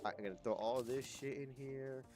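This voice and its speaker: Loud music sits behind this male gaming streamer's brisk, mid-range voice, which stays fairly even in intonation. Sleepy and congested, he swears constantly while chatting casually with viewers about his gameplay.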